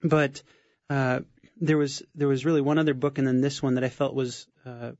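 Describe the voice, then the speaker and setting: A man's voice: mid-range voice, level tone, normal speed, darkish tone, no echo, lo-fi sound. Hesitant male radio guest. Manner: hesitant, many fillers and restarts. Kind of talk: casual radio talk.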